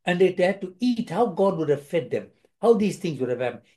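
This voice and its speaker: Animated preacher with a dark, mellow voice. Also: male voice, sits high, fairly quick. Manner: animated, repeats and restarts phrases, acts out quoted lines. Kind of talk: sermon.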